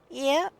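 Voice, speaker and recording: Giggly slow-talking New woman streamer. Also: darkish tone. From New York. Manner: giggly, laughs often between short remarks. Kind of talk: casual live-stream chat.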